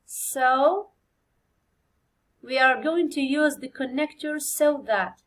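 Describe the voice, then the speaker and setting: Woman, Algerian accent, high voice, English teacher, patient exam review, slow spelled-out answers. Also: fairly bright tone, low-quality recording. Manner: spells and counts out answers slowly for students. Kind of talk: exam review lesson, code-switching with Arabic.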